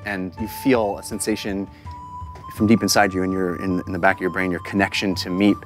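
A woman narrating as game master of a tabletop game, halting with fillers as she describes the scene. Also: rumbling low, level tone, over loud music.

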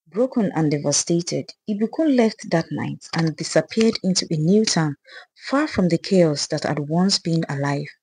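A woman storyteller giving steady, measured scripted narration of a folktale. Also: lowish voice, husky, dry recording.

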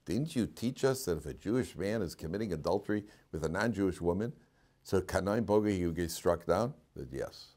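A man teaching a Torah class as a rabbi, telling stories in a lively way, acting out quotes and often laughing. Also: sits low, a little fast. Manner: animated storyteller, acts out quotes and laughs often. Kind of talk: storytelling Torah lecture.

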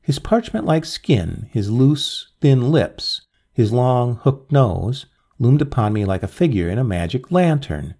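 A man narrating a dramatic old ghost story in an expressive, measured way. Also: mid-range voice, husky.

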